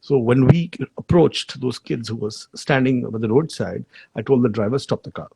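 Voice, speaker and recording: A man's voice: medium pitch, normal speed, gravelly, dark tone, breathy edge, dry recording. A man, a guest in a live video chat, telling an anecdote casually with fillers and restarts. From India. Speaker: guest actor. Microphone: video call.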